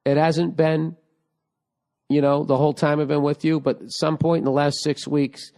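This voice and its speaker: A man's voice: fairly high pitch, level tone, moderate pace, warm tone. A man hosting a casual comedy podcast, joking crudely and reading out listener emails, with a sore throat. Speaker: podcast host.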